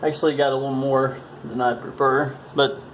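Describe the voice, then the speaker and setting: A man giving a casual hands-on tutorial, talking in a halting, mumbling way as he works, recorded on a phone. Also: medium pitch, flat delivery. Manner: mumbling, halting, thinking aloud. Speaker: tutorial presenter. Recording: faint background noise from phone recording.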